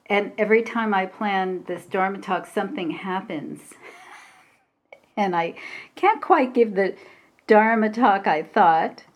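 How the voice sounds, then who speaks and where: A woman meditation teacher giving a Dharma talk, speaking slowly and hesitantly with pauses and fillers, reading a passage aloud. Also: medium pitch.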